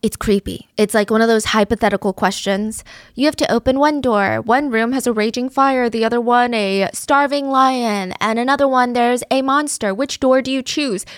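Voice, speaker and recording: A woman's voice: a little high, normal speed, no room sound, studio quality. A woman narrating a true crime story in a casual, vivid, conversational way, sometimes dropping to a whisper.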